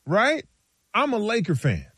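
A man co-hosting a casual sports talk show, telling stories with animated delivery and acting out his friends' lines. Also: high-pitched, measured pace, slightly rough, no echo.

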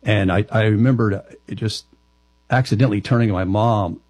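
A lower-pitched man speaks as an interview guest, telling a personal story in a halting way that keeps circling back on itself. His voice is husky. The recording is dry and close. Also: steady tone, darkish tone, dry recording. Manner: halting, with frequent restarts.

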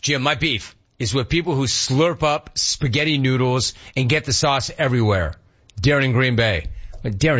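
A man's voice: mid-range voice, a bit bright, slightly rough, lo-fi sound. A man hosting a casual talk radio show and reading listener complaints, talking in slang and repeating words for emphasis.

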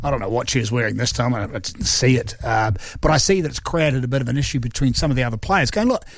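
A man, a sports talk regular, chatting in a lively, jokey way on radio. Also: mid-range voice, fast. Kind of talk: casual radio chat.

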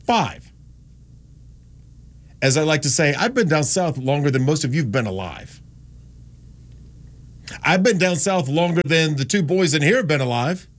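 A man's voice: a little high, expressive, a little slow, long pauses. A man in his fifties from North Carolina, telling his life story in casual chat, rambling with self-corrections and repeating his points for stress. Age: 50s.

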